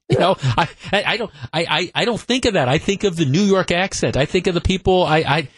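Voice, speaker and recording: A man hosting a political talk radio show, speaking with many halting restarts into a studio microphone. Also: on the high side, expressive, no echo.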